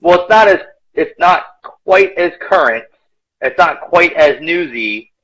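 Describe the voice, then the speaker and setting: A man's voice: fairly high pitch, animated, measured pace, a bit bright, rough recording. A man co-hosting a live podcast in casual chat, joking and sarcastic. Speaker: podcast co-host.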